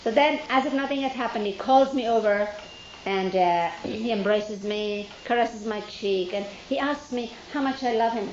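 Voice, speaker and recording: A woman with a slightly high voice recounts a childhood memory to a listening group, animated and hesitant in turns as she plays out the old conversations. The recording is dull and lo-fi, carrying the long ring of a roomy hall with a faint hiss underneath. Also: moderate pace. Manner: animated, acts out remembered dialogue with rising pitch; hesitant fillers and self-corrections. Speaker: storyteller recalling her youth. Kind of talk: informal spoken memoir to a listening group.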